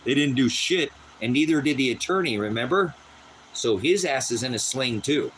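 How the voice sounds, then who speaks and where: An agitated man rants in an unscripted talk outdoors on his rural land, swearing often and circling back over the same points. When he gets worked up, his voice climbs sharply into a strained, high register. Faint vehicle and outdoor ambience hum along behind him. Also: lively intonation, normal speed, fairly bright tone, poor audio. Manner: agitated, repetitive, profane, rising to a high strained pitch when upset. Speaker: host of a personal channel. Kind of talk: unscripted personal rant.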